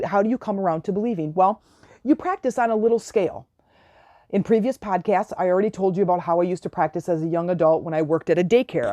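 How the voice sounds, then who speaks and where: Woman, self-help podcast host, chatty storyteller, excited outbursts, mellow tone. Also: on the low side, no echo, studio quality. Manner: gives direct instructions to listeners. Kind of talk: spiritual self-help talk.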